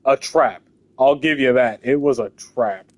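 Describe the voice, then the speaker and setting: A young man hosts a casual, comedic chat, telling crude, rambling stories packed with swearing. His voice is medium-pitched and he speaks unhurriedly.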